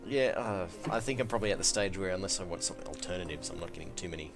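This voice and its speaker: A man's voice: low voice, racing. A man streaming a shooter game with friends, chatting casually and joking around, swearing now and then. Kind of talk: casual gaming chat. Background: game music.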